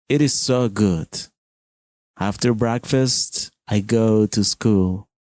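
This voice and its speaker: Very slow American man narrating a story. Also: on the low side, mellow, no room sound, studio quality. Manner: very slow, clear and simple phrasing.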